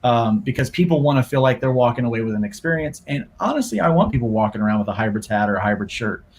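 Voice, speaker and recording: A man's voice: mid-range voice, lively intonation, fast. A man who creates comics, chatting casually on a panel in an easygoing way. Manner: easygoing, chatty, shows items off.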